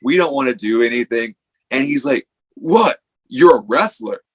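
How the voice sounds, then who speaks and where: A man's voice: medium pitch, animated, moderate pace, rough recording. A man, a wrestler guest on a podcast, telling a casual story with lots of "like" and acted-out quotes. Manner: rambling storytelling full of "like", acting out quotes.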